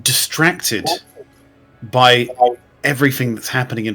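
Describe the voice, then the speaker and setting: A man's voice: mid-range voice, moderate pace, soft background music. Man narrating as game master. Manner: relaxed, descriptive narration with rules asides.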